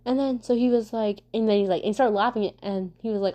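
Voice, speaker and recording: A woman vlogging casually for her viewers, talking fast and stumbling over her words, with lots of fillers and restarts. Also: mid-range voice. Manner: fast talker who stumbles and stutters; many fillers and restarts, animated storytelling. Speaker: vlogger answering viewer questions. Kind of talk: casual rambling chat.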